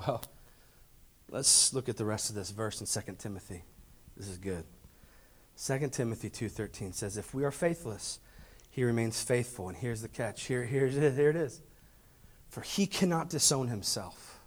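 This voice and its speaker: A man preaching a sermon as pastor, calling out to the congregation and swinging between loud emphatic peaks and hushed asides. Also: mid-range voice, expressive, normal speed. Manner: preaches with call-and-response to the congregation. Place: church.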